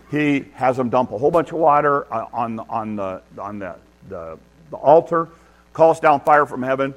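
A man preaching a sermon in an earnest, conversational way, building emphasis as he makes his points. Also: on the high side. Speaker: pastor. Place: church.

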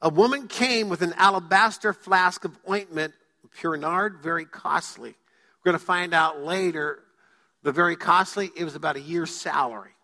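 A male pastor preaching a sermon in a church, joking with the congregation and using dramatic pauses. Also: fairly high pitch, sharp tone. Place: church sanctuary. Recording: long hall reverb.

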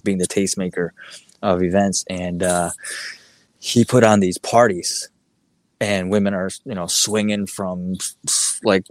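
A man's voice: fairly low pitch, a little mellow, no room sound. A middle-aged man from the American Midwest telling a rambling story as a guest, full of "like" and "you know" with many restarts. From Midwest United States. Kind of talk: casual storytelling interview.

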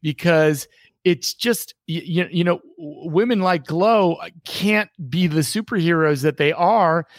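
Thoughtful man host, slightly high voice. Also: a little slow, dry recording, clean studio sound. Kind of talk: casual interview chat.

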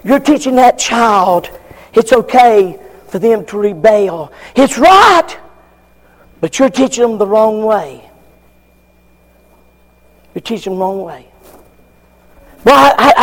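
Brief: older male preacher, fiery, high voice, slow and swooping. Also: expressive. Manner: fiery, shouting, acts out congregants. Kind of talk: sermon.

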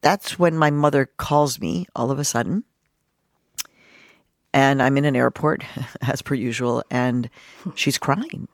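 Fifties woman from Mexico, journalist guest, expressive and lively, dry close recording. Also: very deep voice, measured pace, pauses often, no echo. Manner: animated, expressive, acts out quotes. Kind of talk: personal storytelling in an interview.

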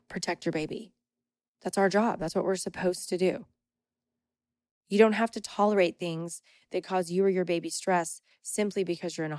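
A woman's voice: mid-range voice, darkish tone, dry recording, studio quality. A young adult woman hosting a podcast, telling a personal story in an emphatic, indignant, casual way. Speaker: podcast host.

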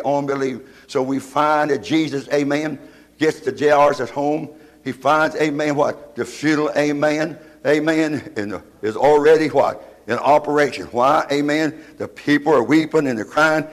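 Preacher saying amen constantly. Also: male voice, a little high. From West Virginia, USA. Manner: punctuates nearly every phrase with "amen"; asks rhetorical "what?" questions. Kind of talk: sermon.

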